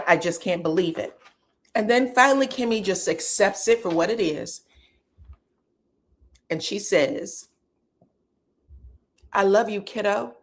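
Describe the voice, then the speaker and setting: Woman doing reality tv recap, real chatty and blunt, voice jumps way up when she quotes people. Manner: animated, acts out quotes from the show with big pitch jumps. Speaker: reality TV commentator. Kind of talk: casual reaction commentary.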